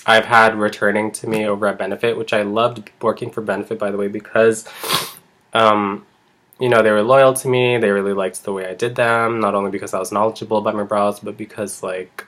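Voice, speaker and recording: Man vlogging about his salon work, loose rambling delivery with constant fillers, slightly low pitch. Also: level tone, a little fast, fairly bright tone. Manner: rambling, heavy use of "like". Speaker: eyebrow artist. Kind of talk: casual chat vlog.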